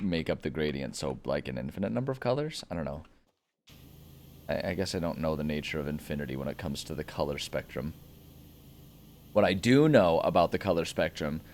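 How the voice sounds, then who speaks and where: A man's voice: low-pitched, a little mellow. A young man hosting a casual game playthrough, rambling and chuckling as he drifts off on tangents. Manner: rambling, chuckling, easily sidetracked. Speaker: gaming channel host. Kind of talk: casual let's-play commentary.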